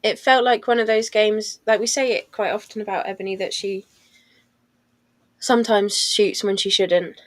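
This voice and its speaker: A woman with a medium-pitched, fairly even voice talks at a moderate pace in a dry recording. Sitting on a football podcast panel, she thinks things through in casual chat, hedging with "I don't know" and "like".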